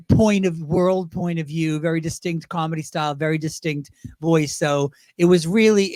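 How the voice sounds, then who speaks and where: A man chatting as a guest on a talk show, animated and chatty, with lots of restarts and asides. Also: fairly high pitch, no room sound, studio quality. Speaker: guest, drag performer. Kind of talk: casual interview chat.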